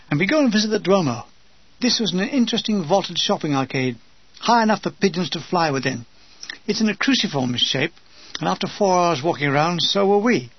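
Older man, dry wry memoir narration, raised pitch, husky rasp, close dead room, dull muffled sound. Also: no echo. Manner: dry comic delivery, mimics comrades in brief put-on voices. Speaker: narrator reading his war memoir. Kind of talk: humorous memoir reading.

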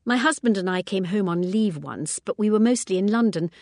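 A woman reading the part of a prim widowed sister who speaks crisply and a little reprovingly. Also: mid-range voice, brisk, darkish tone, dry recording, clean studio sound, lightly acted. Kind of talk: audiobook character reading.

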